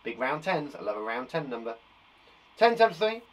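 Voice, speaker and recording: A man's voice: mid-range voice, very animated, normal speed. A man from England, a primary school teacher giving a live online maths lesson to young children, playful and encouraging, chatting to viewers by name.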